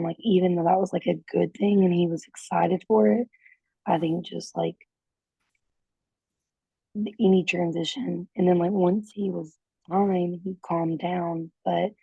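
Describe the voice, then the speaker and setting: A woman's voice: lowish voice, gravelly, mellow, breathy edge, no echo. A mother in a parenting group, telling her story on a call in a hesitant, rambling way full of fillers. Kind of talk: casual account on a group call. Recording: dull, dry lo-fi call audio.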